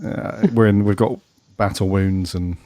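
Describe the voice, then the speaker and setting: A man co-hosting a casual fan podcast, croaky from a head cold and chatty, calling his co-host "mate". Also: low voice, fairly even intonation, unhurried, mellow, no room sound, studio quality. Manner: chatty, says "mate" a lot. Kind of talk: casual chat.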